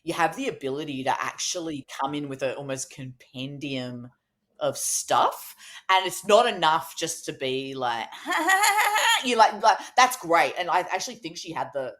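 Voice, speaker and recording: A woman's voice: deep voice, lively intonation, moderate pace, a bit bright. A woman co-hosting a podcast in casual chat who laughs often and restarts her sentences. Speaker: podcast co-host.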